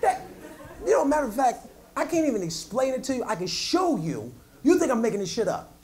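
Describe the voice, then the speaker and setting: A man doing a stand-up comedy set, telling stories with lively, loud punchlines. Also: very high voice, brisk. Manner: animated storytelling, loud punchlines. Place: comedy club stage. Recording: echoey club with crowd noise. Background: audience laughter.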